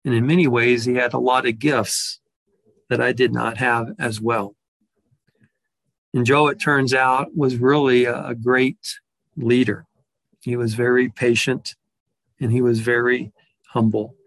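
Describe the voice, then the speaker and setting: Man, middle pitch, storyteller, reflective and halting, dry close sound. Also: little pitch movement, creaky, fairly bright tone, no echo. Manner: reflective, with frequent restarts and repeated words. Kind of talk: personal storytelling.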